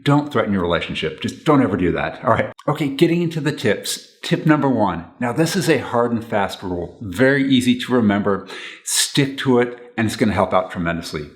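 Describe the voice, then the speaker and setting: A man's voice: fairly low pitch, lively intonation, fairly quick. A man giving relationship advice to camera in an earnest, instructional way, repeating his key points.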